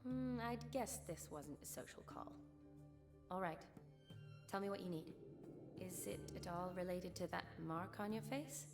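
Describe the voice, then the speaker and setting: An actress playing a composed young female doctor in a video game, measured and precise in her speech. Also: on the low side, wildly swooping pitch, over music, full character voice.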